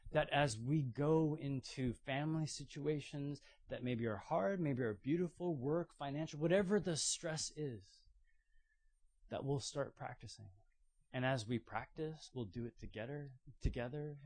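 A man preaching a sermon, retelling stories with playful acted-out voices. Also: mid-range voice. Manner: storytelling with playful acted-out quotes. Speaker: pastor.

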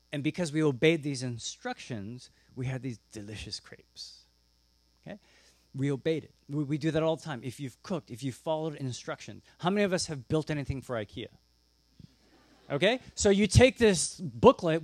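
A man preaching a sermon, telling the story with lively asides and acting out the characters. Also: fairly high pitch, no room sound. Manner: animated storytelling, acts out characters with gasps and asides. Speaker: pastor.

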